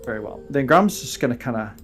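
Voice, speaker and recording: A man's voice: medium pitch, animated, quick pace, faint music behind. A man playing a tabletop game, describing his character's actions with hesitant, thinking-aloud speech. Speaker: player. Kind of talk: tabletop role-play.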